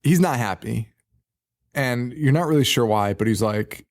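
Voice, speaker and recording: Brief: male podcast host, lively swinging pitch, profane, giggly, rambling movie chat. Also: normal speed. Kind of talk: casual movie review chat.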